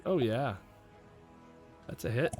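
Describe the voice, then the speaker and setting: A man running a tabletop fantasy game as game master, relaxed and quick to laugh, with plenty of fillers. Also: mid-range voice, music in the background.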